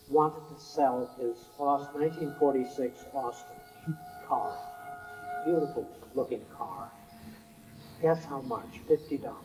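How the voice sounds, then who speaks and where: A man's voice: medium pitch, mellow, low-quality recording. A man recounting his travels in a rambling oral history interview, with frequent fillers and chuckles. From United States.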